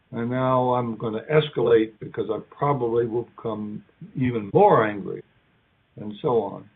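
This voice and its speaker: Husky-voiced man lecturing, tinny sound. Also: medium pitch. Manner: conversational, halting, acts out little quoted lines. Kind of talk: academic keynote lecture. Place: lecture hall.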